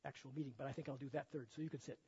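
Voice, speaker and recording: A man's voice: mid-range voice, fairly even intonation, very fast, dark tone, husky. An older man preaching a sermon and retelling a Bible story in a folksy, conversational way, often chuckling at his own remarks. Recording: echoey hall, dull lo-fi sound.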